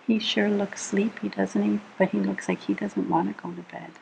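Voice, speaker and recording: A woman reading a bedtime picture book aloud to children, gentle and soothing, asking the listener little questions as she goes. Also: medium pitch, flat delivery, normal speed, vocal fry, slight background noise, poor audio. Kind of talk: read-aloud storytime.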